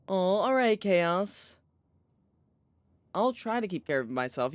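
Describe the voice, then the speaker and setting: Tired, animated game streamer. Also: medium pitch, normal speed, no echo. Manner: animated and chatty, swears, jokes. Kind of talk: casual let's-play commentary, reading game text aloud.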